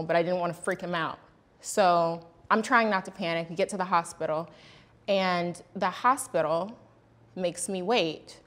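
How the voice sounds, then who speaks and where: A woman hosting a candid panel talk, telling a personal story in an earnest way and acting out the voices of the people in it. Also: fairly low pitch. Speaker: host.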